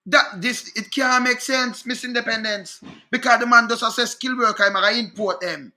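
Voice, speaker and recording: High, bright-voiced Jamaican man ranting. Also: brisk. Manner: indignant, repeats "Eh?" and "man". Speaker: online commentator. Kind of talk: animated political rant.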